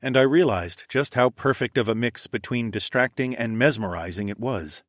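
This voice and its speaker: A man reads a first-person fantasy audiobook in a wry, sardonic voice and drops in the odd curse. His voice sits at a middle pitch. The recording is dry and close, with no room sound. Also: normal speed, no room sound. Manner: wry and sardonic, with casual profanity. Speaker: audiobook narrator.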